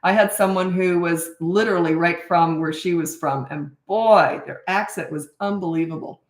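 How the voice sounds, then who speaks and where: A middle-aged parenting coach hosts a casual live Q&A, reading viewer questions aloud and answering them frankly and chattily into a camera mic. Her voice is lowish and her speed normal, with a roomy echo around her.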